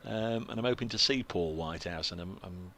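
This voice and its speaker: A man's voice: sits low, fairly quick, sharp tone, slight background noise. A man chatting as cricket co-commentator, rambling and jokey with many restarts. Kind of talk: casual commentary chat.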